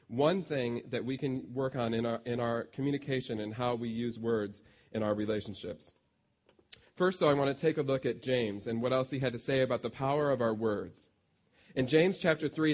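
Conversational male pastor preaching. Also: medium pitch. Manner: conversational, self-deprecating storytelling. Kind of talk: sermon.

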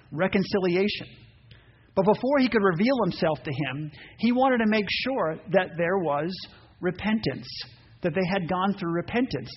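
A man preaching a sermon, animated, acting out voices and reading scripture aloud. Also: high voice. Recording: dull muffled sound with faint noise.

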